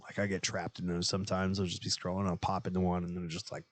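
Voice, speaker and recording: A man with a fairly low voice co-hosting a relaxed podcast. He chats loosely and tells stories with lots of energy. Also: quick pace, no echo. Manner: animated storyteller, drops into quoted voices. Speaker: podcast co-host. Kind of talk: casual chat.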